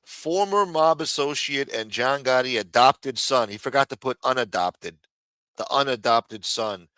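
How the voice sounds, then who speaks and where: A man's voice: medium pitch, measured pace, bright, forceful tone, smooth, no echo, clean studio sound. A man hosting a live commentary stream, sarcastic, profane and mocking as he talks. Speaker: livestream host.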